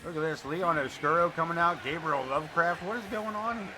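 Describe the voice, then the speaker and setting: A slightly high, slightly fast male voice calls a wrestling match live over music. The commentator blends the play-by-play with casual chat, veering into blunt, profane, chatty stories.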